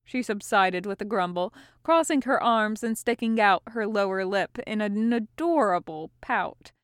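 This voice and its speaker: A woman reads a story aloud in calm, measured narration. Her voice is smooth, clear and slightly high, and she takes her time. The recording is close and dry. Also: dry recording. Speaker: audiobook reader. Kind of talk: scripted narration.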